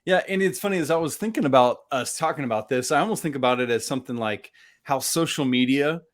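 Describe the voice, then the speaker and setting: A man's voice: mid-range voice, fast talker. A man co-hosting a casual sports podcast, chatty and self-deprecating, laughing often. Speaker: podcast co-host.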